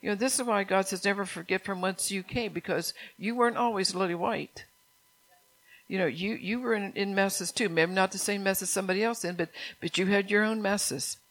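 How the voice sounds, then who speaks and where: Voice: mid-range voice, moderate pace, fairly bright tone, poor audio. Pastor mid-sermon: emphatic, repeats key lines, keeps asking the congregation to answer back. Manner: calls out to the congregation for response.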